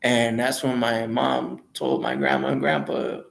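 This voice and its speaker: A man's voice: mid-range voice, animated, a little slow, creaky, few pauses. A man casually telling his own life story in a rambling, hesitant way, often repeating and correcting himself.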